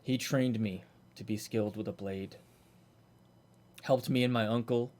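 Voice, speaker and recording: A man's voice: fairly low pitch, steady tone, unhurried, a little mellow, close to an everyday voice. A man voicing an earnest male warforged automaton guard who tells his story in a plain-spoken way.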